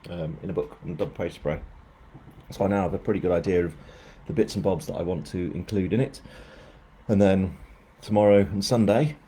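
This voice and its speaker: A man's voice: low voice, warm tone, a little hiss or hum. A man, an author chatting casually on a live stream, rambling and poking fun at himself. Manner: rambling, self-mocking.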